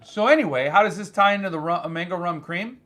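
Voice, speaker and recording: A man hosting his own channel, telling a story in an animated, joking casual chat. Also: high-pitched, a little fast. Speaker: channel host.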